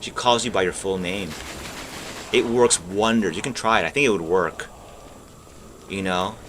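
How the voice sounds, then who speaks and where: A man's voice: low voice, moderate pace, fairly bright tone, slight background noise. A man rambling and musing aloud while playing a video game, swearing casually and trailing off mid-thought. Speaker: gaming streamer. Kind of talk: rambling commentary while gaming.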